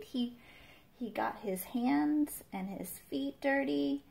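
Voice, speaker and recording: A preschool teacher reads a picture book aloud at an unhurried pace. Her voice has a gravelly creak. She adds gentle, chatty asides for small children. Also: high voice.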